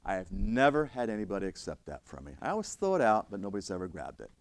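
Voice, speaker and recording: Brief: middle-aged male trainer, blunt and conversational, lively pitch, dry close sound. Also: fast, no room sound. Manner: blunt, conversational, acts out quoted voices. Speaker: trainer of emergency responders. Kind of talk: classroom lecture with stories.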